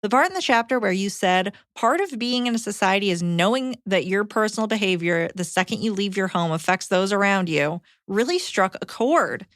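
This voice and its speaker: A woman's voice: medium pitch, lively intonation, moderate pace, few pauses, fairly bright tone, dry recording, studio quality. Woman reading listener letters aloud. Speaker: podcast co-host.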